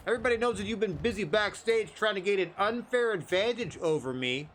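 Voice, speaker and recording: A man's voice: high voice, lively intonation, brisk, fairly bright tone, slight background noise, pitched above the performer's own voice. A man putting on the voice of a brash male wrestler taunting a rival in a sneering, confrontational promo.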